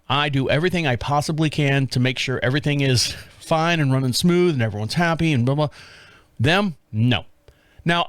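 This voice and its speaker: This is casual solo storytelling from a podcast host in his fifties, who wanders through a rural-life anecdote packed with profanity. He acts out his own shouting in a high, loud voice, and the recording is dry.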